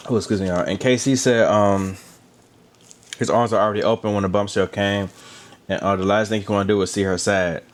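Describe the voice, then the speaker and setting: Casual male recap host with a low voice, animated delivery, chatty asides. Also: a little fast. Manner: animated, chatty, with asides about drinking water and lotion. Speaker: reality show recap host.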